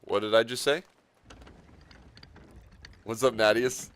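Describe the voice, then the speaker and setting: A man casually commentating his game stream, relaxed and rambling, often chuckling as he talks. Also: mid-range voice, takes it slowly, slight background noise.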